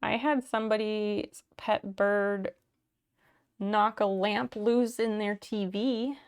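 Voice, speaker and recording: A chatty woman streaming live from home and talking with her viewers. Her voice carries a gravelly fry, and she reads out names, tells anecdotes and drops casual swears. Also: medium pitch, fairly even intonation, takes it slowly. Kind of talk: casual livestream chat with viewers.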